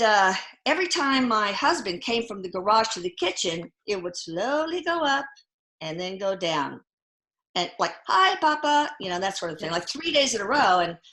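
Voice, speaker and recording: Bright-voiced woman telling stories animatedly. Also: roomy sound. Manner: animated, jumps pitch when quoting others. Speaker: guest, physician and mother. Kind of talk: conversational storytelling.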